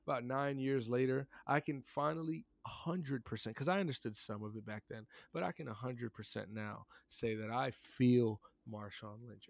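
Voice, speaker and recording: A man's voice: mid-range voice, creaky, dry recording. A man co-hosting a sports podcast, chatting casually and animatedly, joking and repeating himself. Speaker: podcast co-host.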